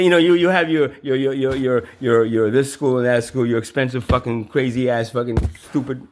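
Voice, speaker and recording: A man delivering a profane ranting monologue, stammering over repeated words and yelling at times. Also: medium pitch. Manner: stammering repetitions, heavy swearing, yelling.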